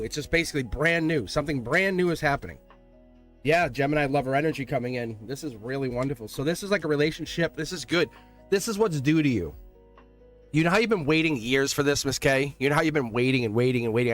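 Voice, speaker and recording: Guy doing a live tarot stream, chatty, laughs a lot, soft music playing faintly behind him. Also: on the high side. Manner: chatty, laughing, talks straight to viewers. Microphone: desk mic. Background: soft background music.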